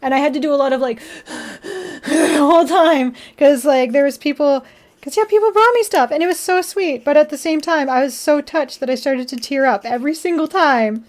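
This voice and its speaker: A woman's voice: high-pitched, moderate pace. A woman chatting casually on a live stream while building a model kit. She laughs often and swears freely. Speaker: livestreamer building model kits.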